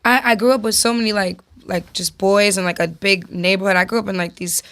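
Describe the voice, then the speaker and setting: A woman's voice: mid-range voice, steady tone, fairly quick, a bit bright. Young woman, radio guest, easygoing and giggly, filler-heavy casual talk. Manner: laid-back, heavy use of "like", laughs often. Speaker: music artist guest. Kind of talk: casual radio interview chat. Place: radio studio.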